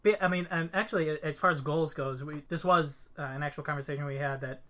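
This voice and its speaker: A man's voice: a little high, fast, a bit bright. A man in his twenties co-hosting a casual podcast chat, joking and playful as he asks questions. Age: 20s. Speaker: podcast co-host.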